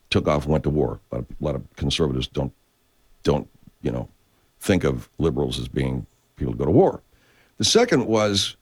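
A man with a very deep, low voice talks casually as a show host. He rambles and swears a lot, his pitch swinging widely as he gets excited and then drops low again. He restarts sentences often. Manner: profane, digressive, frequent restarts. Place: California.

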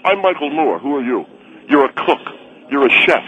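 A gluttonous middle-aged filmmaker, played by a man for a comedy sketch, muttering and chewing through every answer. His voice is bright and ringing, and it swings high and low as he gets petulant. He ends up sounding both indignant and sloppy. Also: big pitch swings, moderate pace, poor audio. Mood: bossy. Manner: talks with his mouth full, petulant and indignant. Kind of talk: comedy radio sketch impression.

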